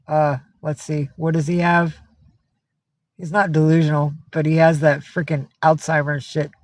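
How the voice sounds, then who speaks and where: A woman's voice: low-pitched, level tone, normal speed, a little mellow. A chatty woman from upstate New York talks casually on a live stream and swears freely. She coos fondly at her cats between answers to viewers' comments. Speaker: livestreamer.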